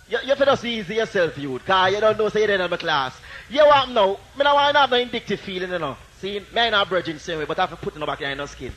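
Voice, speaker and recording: A man's voice: sits high, animated, fast talker, hardly any pauses, a little hiss or hum. A man with a Jamaican accent toasting live as a sound system deejay, chanting rhymes and taunting a rival over the records. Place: dancehall sound system session. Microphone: handheld sound system mic. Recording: lo-fi 1980s live tape with loud music.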